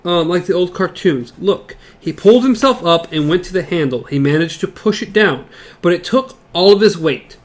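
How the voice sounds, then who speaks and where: A man co-hosting a casual book discussion podcast, reading passages aloud haltingly with stumbles and side comments. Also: sits high, animated. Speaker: podcast co-host.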